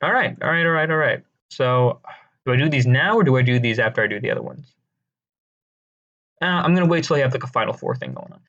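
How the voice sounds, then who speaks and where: Rambling deadpan man on a lo-fi mic. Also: mid-range voice. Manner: rambling, deadpan, crude jokes, many fillers and restarts. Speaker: video creator ranking songs. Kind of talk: casual comedic commentary.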